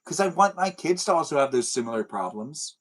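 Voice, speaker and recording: On a casual livestream, a young host reads viewers' comments and answers them with rambling, self-deprecating jokes. His fairly high voice swings widely in pitch and moves fairly quickly, and the audio quality is poor.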